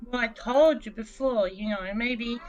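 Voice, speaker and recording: Woman player with a high voice. Chatty, cheeky, in character. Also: a little slow, a little mellow, muffled recording, faint music behind. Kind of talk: playing a tabletop game in character.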